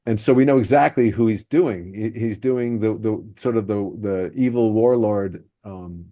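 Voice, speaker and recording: Guy hosting a podcast, low mellow voice, breaks down jokes, dry sound. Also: normal speed, no room sound. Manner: analytical, explaining joke structure. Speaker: podcast host. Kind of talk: podcast discussion.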